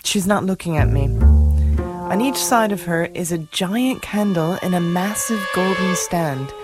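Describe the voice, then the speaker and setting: A woman playing a dreamer with a low voice over music. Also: lively intonation, a little slow. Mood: dreamy. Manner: matter-of-fact storytelling. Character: adult woman telling her dream, indignant.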